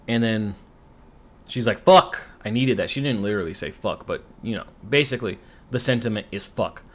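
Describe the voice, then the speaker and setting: A man's voice: fairly low pitch, brisk. Profane ranting man recapping a show. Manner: profane, sarcastic, rambling. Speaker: commentary YouTuber.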